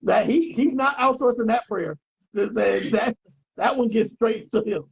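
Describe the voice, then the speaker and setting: A man spins animated stories in a relaxed podcast chat, slipping into quoted voices and street slang. His voice is husky and breathy. The audio sounds dull and lo-fi. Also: extremely high pitch, unhurried. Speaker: podcast co-host. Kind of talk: casual storytelling chat.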